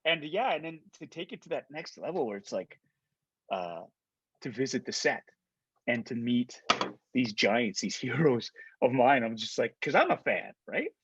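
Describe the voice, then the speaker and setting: A middle-aged Canadian man, an actor appearing as a guest on a video call interview, tells stories in a casual, animated way, stammering into restarts and acting out quoted dialogue. His voice is mid-range and husky at a moderate pace. The audio is dull, with no room sound.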